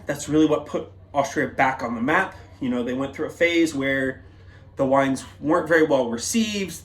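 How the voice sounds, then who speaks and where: A man hosting a casual wine tasting in a wine bar, chatty and loose with lots of fillers and asides. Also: fairly high pitch.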